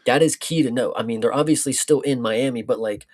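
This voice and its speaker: A man's voice: mid-range voice, a little fast, a little mellow. A man co-hosting a casual podcast, talking bluntly and loosely with plenty of swearing. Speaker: podcast co-host. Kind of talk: casual chat.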